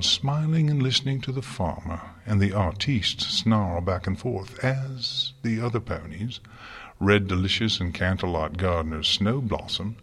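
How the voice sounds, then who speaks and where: A man narrating a story in a calm, measured reading style. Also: on the low side. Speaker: audiobook reader.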